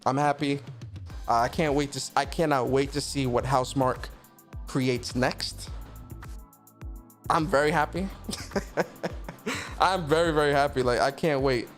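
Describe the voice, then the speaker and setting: A man's voice: medium pitch, unhurried, pauses often, faint music behind. Slangy man hosting a gaming stream. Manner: slangy and animated, reads out chat comments. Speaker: host of a gaming news stream. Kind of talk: casual livestream chat.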